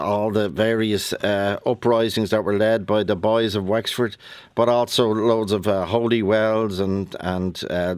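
Enthusiastic Dublin-accented radio host, low voice. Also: male voice, no echo. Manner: enthusiastic, lavish with praise. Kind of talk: radio talk show chat.

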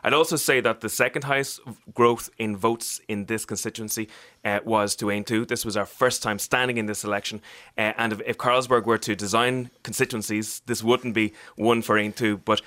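Low-voiced man, measured. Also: fairly even intonation, a bit bright, dry recording. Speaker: politician guest. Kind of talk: radio panel discussion.

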